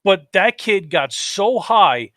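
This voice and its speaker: A man's voice: sits high, slow, no room sound. A man co-hosting a casual podcast, telling stories animatedly and acting out quotes. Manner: animated storytelling, acts out quotes. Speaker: podcast co-host.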